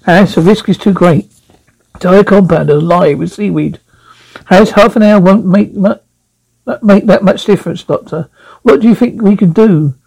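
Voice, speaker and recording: A man voicing a worried male compound controller, reading from a script in a halting, anxious way. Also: high voice, vocal fry, a little mellow, slightly rough, full character voice, poor audio. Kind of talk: script read aloud.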